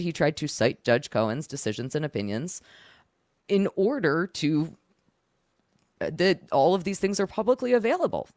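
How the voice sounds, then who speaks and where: A woman's voice: fairly low pitch, no echo, clean studio sound. A woman hosting a casual commentary on a court case, reading a filing aloud and then mocking it with sarcasm. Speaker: host reading a legal filing.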